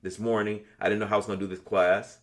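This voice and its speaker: A man's voice: lowish voice, flat delivery, fast talker. A man in his sixties leading an online spiritual class, talking casually and bluntly, swearing freely as he tells stories. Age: 60s. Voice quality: blunt, profane, storytelling. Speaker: class leader.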